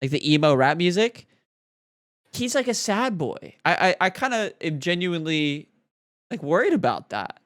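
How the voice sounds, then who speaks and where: A man's voice: on the high side, big pitch swings, normal speed, a bit bright, no room sound, studio quality. A young man co-hosting a podcast, talking casually in a rambling, earnest way full of fillers. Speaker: podcast co-host.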